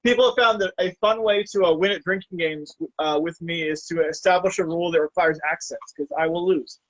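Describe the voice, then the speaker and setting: A man's voice: on the high side, steady tone, a little fast, fairly bright tone, dry recording, dull audio. A man hosting a casual chat, talking hesitantly with many fillers and laughing easily. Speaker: podcast host.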